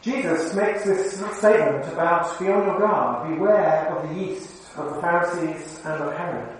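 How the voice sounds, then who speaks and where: At normal speed, a fairly high-voiced man preaches conversationally, turning questions toward the congregation. The recording comes from a distant mic in a very echoey hall, with faint room sound underneath.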